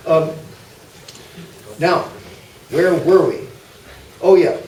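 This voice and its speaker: An older man giving an informal, anecdotal history talk to a club audience, pausing often with fillers and asides. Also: a little high, a little mellow. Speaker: guest speaker. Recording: echoey hall, mic far off, faint noise.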